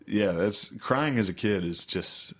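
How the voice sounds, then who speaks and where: A man with a fairly low voice that swings widely in pitch as he talks. He co-hosts a casual podcast and tells rowdy stories about growing up. He laughs through his own punchlines and swears freely. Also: expressive, a little slow, fairly bright tone. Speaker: podcast co-host. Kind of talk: casual chat.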